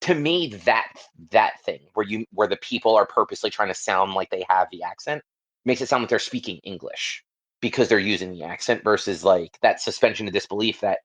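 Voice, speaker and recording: A man co-hosting a podcast, explaining his view at length in relaxed casual talk. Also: fairly low pitch, brisk. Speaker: podcast co-host. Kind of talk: casual chat.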